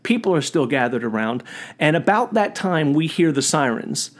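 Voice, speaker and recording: A man hosting a podcast, telling a personal story as a monologue, animated and often restarting his sentences. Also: on the high side, normal speed. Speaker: podcast host.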